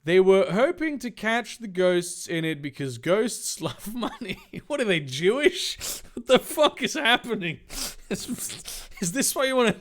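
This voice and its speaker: A man's voice: high voice, big pitch swings, measured pace, fairly bright tone. A man reading fanfiction aloud, breaking off into sarcastic, incredulous, swearing commentary.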